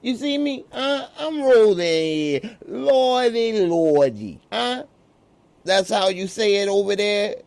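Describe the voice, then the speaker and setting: A man's voice: sits high, expressive, slow pace, gravelly, pitched above the performer's own voice, exaggerated voice. A man doing a brash New street guy. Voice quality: loud, challenging.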